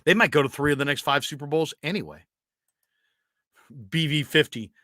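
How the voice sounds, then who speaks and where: Bright-voiced, lively man hosting a sports show. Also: fairly high pitch, moderate pace, no room sound, clean studio sound. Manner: animated storyteller, does impressions. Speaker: sports radio host. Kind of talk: casual podcast chat.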